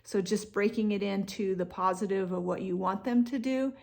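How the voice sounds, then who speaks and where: Woman coaching parents, relaxed and chatty, some vocal fry, middle pitch. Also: moderate pace. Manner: relaxed, conversational, with many fillers and restarts; acts out what parents and kids say. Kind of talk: instructional talk to parents.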